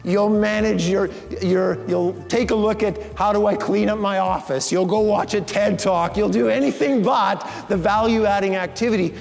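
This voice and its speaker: A man's voice: sits high, normal speed, creaky, few pauses. A middle-aged man telling a story as a motivational keynote speaker and acting out the lines he quotes. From Canada. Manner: animated, acts out the lines he quotes. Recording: reverberant hall with faint music.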